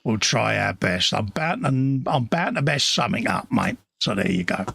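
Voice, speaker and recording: A man's voice: fairly low pitch, expressive, moderate pace, gravelly, fairly bright tone, slightly rough, no echo. A man with a London accent hosting a live stream, reading out chat messages and joking with viewers, calling everyone mate. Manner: jokey, matey, calls everyone mate. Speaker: livestream host reading chat.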